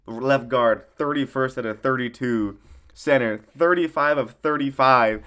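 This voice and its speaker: A young man talks through a football season on his own, casual and rambling, with frequent swearing. His voice swings up and down with lively animation, and he keeps correcting himself mid-sentence as he gets worked up. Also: medium pitch, moderate pace. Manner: excitable outbursts. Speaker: sports commentator. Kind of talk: casual solo sports commentary.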